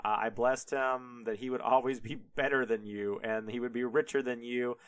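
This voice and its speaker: A man's voice: mid-range voice, fairly even intonation, moderate pace, smooth, no room sound, close to an everyday voice. A man voicing an old father who rambles sheepishly, close to his own voice.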